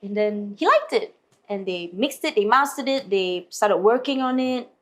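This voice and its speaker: Speaking at medium pitch and normal speed, this woman from Malaysia is a singer sharing stories during an interview. Her delivery is animated, and she voices other people's lines in playful impressions.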